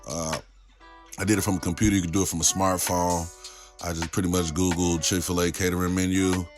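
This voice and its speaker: A man with a deep, low voice hosts a relaxed cooking review vlog, chatting loosely and tossing in constant asides to his viewers. He sounds like he is talking from a home kitchen. Music plays clearly in the background behind him. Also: brisk. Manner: laid-back and chatty, with frequent "you know what I'm saying" asides. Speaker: cooking show host. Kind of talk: casual food review vlog. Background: music playing.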